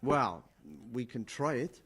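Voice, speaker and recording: A man's voice: medium pitch, expressive, takes it slowly, a crowd in the background. An actor playing a shrewd male merchant in a video game, haggling in a sly, bargaining way.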